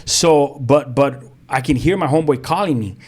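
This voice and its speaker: A man, a pastor telling his own story as a guest in lively, vivid storytelling with street slang and sound effects. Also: medium pitch, moderate pace, husky. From South Central Los Angeles. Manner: frequent restarts, street slang. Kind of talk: animated storytelling.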